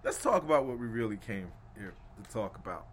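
A man hosting a casual sports podcast, animated and laughing, swinging between loud rants and low asides. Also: a little fast, a little hiss or hum. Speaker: podcast host.

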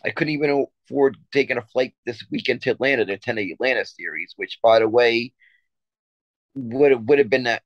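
A man chats casually on a sports podcast and trips over his words, repeating himself before he gets to the point. His voice sits at an ordinary pitch. It is recorded close and dry, with a slightly dull, muffled sound. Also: fairly quick, dry recording. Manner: rambling storyteller with many restarts and stammers. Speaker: podcast co-host.

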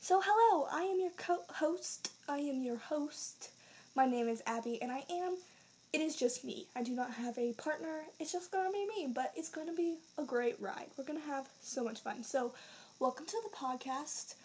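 A bubbly woman with a high, bright voice hosts her own podcast, excited and a little out of breath. She rambles and corrects herself as she talks, and faint noise sits behind her. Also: moderate pace. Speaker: podcast host. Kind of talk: casual solo podcast chat.

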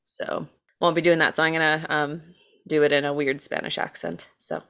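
Chatty American woman with a lowish voice. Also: level tone, normal speed, fairly bright tone, clean tone. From United States. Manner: chatty, filler-heavy, self-deprecating, swears casually. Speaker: podcast co-host telling a true-crime case. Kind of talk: casual chat.

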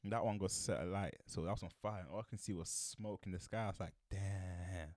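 A man's voice: low voice, quick pace, a little mellow, no room sound, clean studio sound. A young man with a South London accent, co-hosting a casual podcast chat in laid-back slang and laughing often. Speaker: podcast co-host.

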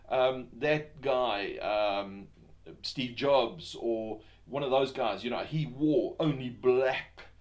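A man hosting a self-help podcast, talking loosely with many fillers and restarts and asking rhetorical questions. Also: medium pitch. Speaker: podcast host.

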